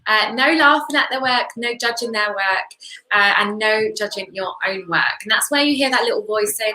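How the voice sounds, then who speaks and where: A woman's voice: mid-range voice, moderate pace. A woman with a British accent teaching kids to paint step by step, chatty and encouraging. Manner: encouraging, chatty, laughs easily. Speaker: art teacher co-host. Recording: echoey room with soft music.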